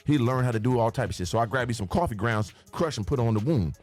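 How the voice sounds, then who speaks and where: A man's voice: medium pitch, expressive, fast talker, darkish tone, soft background music. A man telling the story of his life as a podcast guest, with vivid, profane scene-by-scene storytelling and spoken sound effects. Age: older than the hosts. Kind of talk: animated storytelling.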